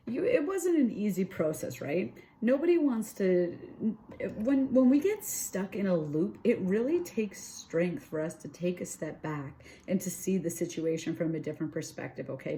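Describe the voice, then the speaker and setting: Chatty woman giving a tarot reading. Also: lowish voice. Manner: chatty, filler-heavy, checks in with "okay?" and "right?"; animated, voices inner thoughts in quoted asides. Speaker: tarot reader.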